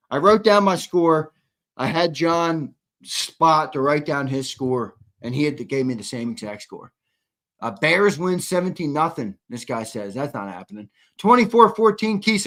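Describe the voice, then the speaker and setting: A man's voice: a little high, fairly bright tone. A man hosting a live sports talk show, chatting casually and reading viewer comments aloud.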